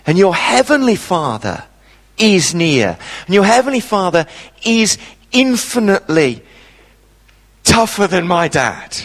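A man preaching a sermon, telling a personal story with dramatic pauses. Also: sits high, in a large hall.

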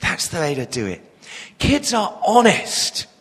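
A man's voice: high voice, huge pitch swings, a little slow, a bit bright, slightly rough, in a large hall, poor audio. A man, preaching a sermon with humorous storytelling. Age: 40s.

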